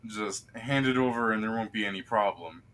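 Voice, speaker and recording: A man's voice: fairly low pitch, brisk, fairly bright tone, slight background noise, natural voice. A man voicing a bulky male elf bandit making a blunt, threatening demand for money.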